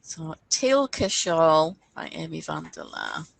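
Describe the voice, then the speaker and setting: A woman's voice: deep voice, wildly swooping pitch, takes it slowly, creaky, no echo, low-quality recording. A woman co-hosting a casual chat about knitting patterns, thinking aloud and stumbling over designer names. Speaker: podcast co-host.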